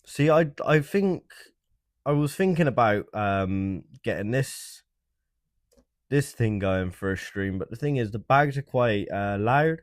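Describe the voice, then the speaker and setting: Slow, hesitant man chatting. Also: mid-range voice, animated, no room sound, clean studio sound. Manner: hesitant, repeats words, soft-spoken. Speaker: livestream host. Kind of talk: casual chat with live viewers.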